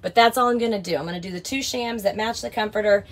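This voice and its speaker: A woman's voice: mid-range voice, fast talker. Gushing woman giving a motorhome tour. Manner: gushing, excitable. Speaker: vlog host. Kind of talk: casual home tour vlog. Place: inside a motorhome.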